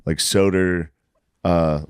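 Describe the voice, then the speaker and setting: A man's voice: sits low, fairly even intonation, takes it slowly, darkish tone, smooth, no echo, studio quality. A man co-hosting a podcast, telling stories in casual banter and laughing through his impressions. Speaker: podcast co-host.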